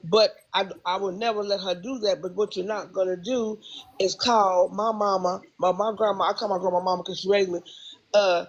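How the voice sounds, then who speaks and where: Woman livestream host, gravelly, heated and repetitive rant, mid pitch. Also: fairly even intonation, normal speed, lo-fi sound.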